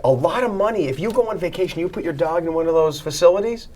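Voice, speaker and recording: A man's voice: a little high, expressive, fast, darkish tone. A middle-aged man co-hosting a casual morning TV chat, joking and teasing the others and laughing often. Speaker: co-host.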